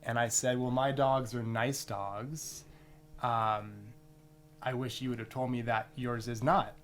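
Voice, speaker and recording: Young man, casual podcast chat, mid pitch, relaxed plain delivery. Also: measured pace, faint music behind. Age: young adult.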